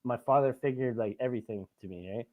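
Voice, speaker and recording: A man's voice: medium pitch, fast. A young adult man hosting a podcast, telling rambling, profane stories in casual chat and laughing at his own tales. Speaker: podcast host. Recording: tinny phone-like sound.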